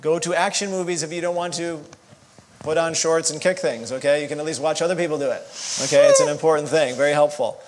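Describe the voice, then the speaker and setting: Man, marriage counselor, slightly high voice, casual, jokey. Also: fairly even intonation, quick pace, very noisy. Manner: jokey, casual, self-deprecating. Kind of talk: church marriage teaching.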